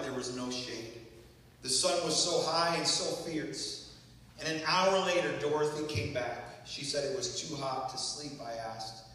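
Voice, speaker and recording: A man's voice: fairly high pitch, a bit bright. A minister reading a story aloud in an earnest, emotional way, then reflecting on his own experience. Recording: echoey hall from far off.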